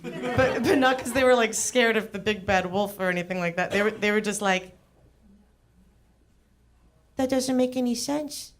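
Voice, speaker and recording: A woman's voice: medium pitch, steady tone, fairly quick, a little hiss or hum. A young adult woman performing a stand-up comedy set on a club stage, chatty and self-deprecating with lots of "like".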